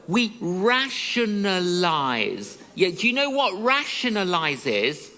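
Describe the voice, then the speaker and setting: A preacher telling a story in a sermon, speaking in a lively, humorous, conversational way. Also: medium pitch, big-room sound.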